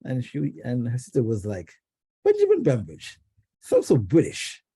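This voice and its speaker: A man from Jamaica tells a family story to his club, his voice husky and very dark. His pitch swings widely as he acts out quotes, and he stumbles and restarts often. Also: lively intonation, moderate pace. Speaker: club member giving an icebreaker speech. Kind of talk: personal prepared speech. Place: club meeting room.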